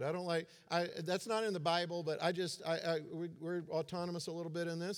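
A man's voice: a little high, fast talker, hardly any pauses. A man in his forties giving a sermon as a pastor, conversational and self-deprecating in his humor. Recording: long hall reverb.

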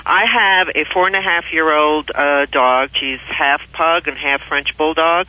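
A woman's voice: sits low, steady tone, measured pace, pushed and bright, dull audio. A woman calling in to a radio show with a question, polite and a little hesitant. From New York, US. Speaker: caller. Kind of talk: phone-in question.

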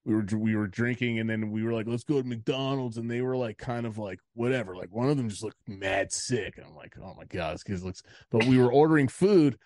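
A man's voice: mid-range voice, a little fast, few pauses, darkish tone, no echo. Man, podcast co-host, casual storytelling, rambling, swearing, dry close sound. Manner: rambling, profane, lots of "like".

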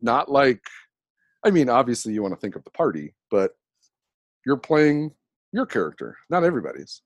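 A man hosting a casual chat about role-playing characters, talking in a chatty, animated way and laughing often. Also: medium pitch, normal speed, no room sound, dull audio.

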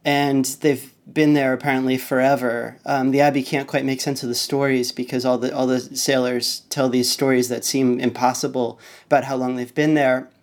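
A man's voice: mid-range voice, level tone, moderate pace, few pauses. A man who is a podcast guest, retelling a story in a rambling, hesitant way with many restarts. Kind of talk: casual conversation, retelling a story.

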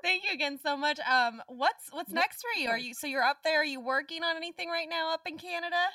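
A woman host with a high, bright voice leads a relaxed interview and laughs readily. She sits a little back from the microphone, and the sound stays dry. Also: brisk, no echo, distant mic. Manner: laughs readily, warm reactions. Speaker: podcast host. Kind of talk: casual interview chat.

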